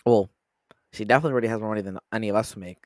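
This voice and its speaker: A man's voice: lowish voice, rapid-fire, dry recording, studio quality. A man co-hosting a casual podcast, reading articles aloud and joking at his own expense. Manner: self-mocking, reads articles aloud. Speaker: podcast co-host. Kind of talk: casual chat.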